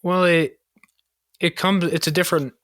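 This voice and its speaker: A man in his thirties from the United States hosts a casual podcast, spinning profane and animated stories. His voice is bright and forceful, and the sound is dry and close with no room around it. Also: sits high, moderate pace, no room sound. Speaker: podcast host.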